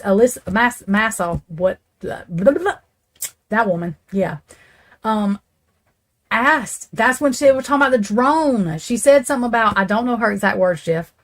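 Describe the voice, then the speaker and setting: A woman rambles through casual true crime commentary, blunt and quick to swear. Her voice sits at an ordinary middle pitch. She talks straight to her viewers. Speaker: true crime channel host.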